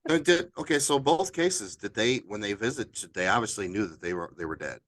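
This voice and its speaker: A male podcast host with a very low voice asks his guest relaxed, rambling follow-up questions. His pitch swings widely as he talks. The sound is close and dry. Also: fairly quick, no room sound. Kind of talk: casual interview questions.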